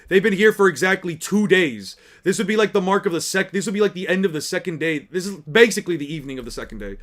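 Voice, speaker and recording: A man giving casual, animated fan commentary, rambling and restarting as he argues a point. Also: on the high side. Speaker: anime commentator.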